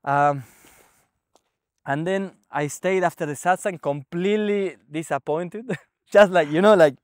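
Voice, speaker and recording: Halting, animated man with a dry sound. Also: on the high side, no echo. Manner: animated, halting, frequent restarts and fillers. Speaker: guest sharing a spiritual experience. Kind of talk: casual storytelling conversation. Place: ashram.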